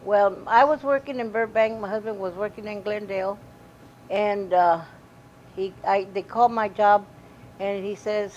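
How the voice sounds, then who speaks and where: A woman's voice: mid-range voice, moderate pace. A woman animatedly recounting a family tragedy in a documentary interview, acting out the dialogue as she goes. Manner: animated storytelling, quoting dialogue. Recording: dull lo-fi recording with faint hiss.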